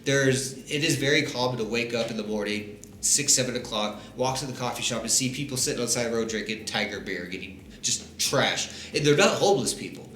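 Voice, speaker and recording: Bright-voiced chatty man, echoey room. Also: medium pitch, brisk, a little hiss or hum. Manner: chatty, laughs between points, loose and informal. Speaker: travel vlogger. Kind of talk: casual talk to camera. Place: living in Vietnam.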